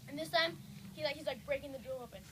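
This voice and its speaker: A young female storyteller retelling a wild chase, rambling and excitable with constant fillers, in a recording with steady background noise. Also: high-pitched, fast talker. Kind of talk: casual spoken storytelling. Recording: noisy recording with clicks.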